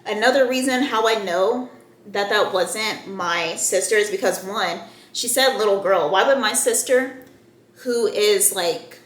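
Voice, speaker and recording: A woman's voice: mid-range voice, a little slow, reverberant. A young woman telling a personal story to her viewers in a casual, heated, profane way. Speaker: storyteller vlogger.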